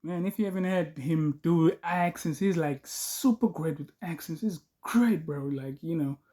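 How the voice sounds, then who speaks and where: A man's voice: a little high, unhurried, warm tone. A man giving casual reaction commentary, rambling and filling with "you know" and "bro". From South Africa. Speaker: reaction video host.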